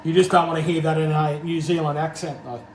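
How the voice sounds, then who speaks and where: A man's voice: a little high, steady tone, fast. A man with an Australian accent, casually narrating his work in a home workshop with self-deprecating jokes. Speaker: home machinist. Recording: echoey workshop with loud machine noise.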